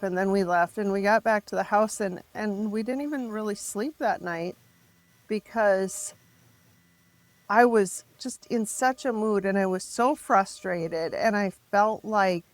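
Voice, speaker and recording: A middle-aged woman telling her story as a podcast guest, raw and emotional, halting and restarting as she speaks. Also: medium pitch, no echo. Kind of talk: candid personal storytelling.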